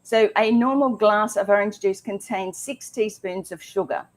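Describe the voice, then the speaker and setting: A woman's voice: medium pitch, normal speed. A woman co-hosting a casual health talk show, chatty and emphatic with frequent ums. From Australia.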